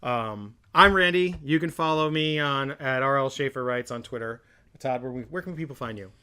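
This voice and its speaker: Quick, laughing man co-hosting. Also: medium pitch, sharp tone, smooth. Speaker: co-host. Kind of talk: casual comedic chat.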